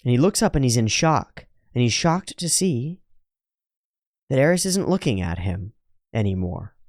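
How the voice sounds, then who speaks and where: A man hosting an anime reaction, narrating the scenes and mocking the characters in quick voices with frequent laughs. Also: mid-range voice, sing-song, darkish tone, no room sound, studio quality. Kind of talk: casual commentary over an anime episode.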